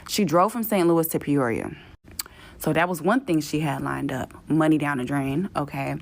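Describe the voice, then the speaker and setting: A woman with a low, deep speaking voice vents about a booking gone wrong in a loose, casual storytelling rant. She is profane and openly exasperated, and she slips into quick mimicry of other people. The recording sounds like a self-made vlog. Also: creaky. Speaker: vlogger telling a travel story.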